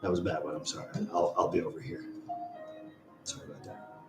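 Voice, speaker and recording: A man with a lowish voice hosts a casual live stream, wandering through stories and cursing as he goes. His voice rings around a roomy, echoey space, with faint music playing underneath. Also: level tone, fast talker. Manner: rambling, swears freely, storytelling. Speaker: livestream host.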